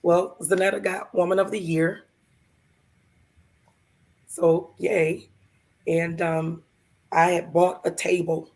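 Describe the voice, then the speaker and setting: A woman co-hosting a live show, telling a heartfelt personal story in a gravelly, hoarse voice and acting out the other people in it. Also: lowish voice, level tone, slow, long pauses, darkish tone. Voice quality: gravelly, hoarse from vocal cord lesions. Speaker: podcast co-host.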